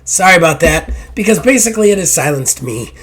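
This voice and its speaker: A hoarse man hosting a gaming podcast, rambling and self-deprecating in casual chat, swearing now and then. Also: on the high side, expressive, brisk, fairly bright tone. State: hoarse after illness. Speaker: podcast host.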